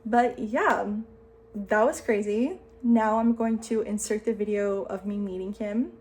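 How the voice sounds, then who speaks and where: A woman in her late twenties, a vlogger telling a story to the camera in a chatty, excitable way, saying "like" a lot. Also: mid-range voice, unhurried, slight background noise. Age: 20s.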